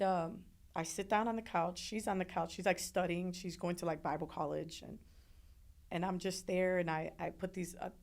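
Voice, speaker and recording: A woman telling a painful personal story in an interview, emotional and halting, with frequent restarts. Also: on the low side, creaky, a little mellow. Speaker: interview guest.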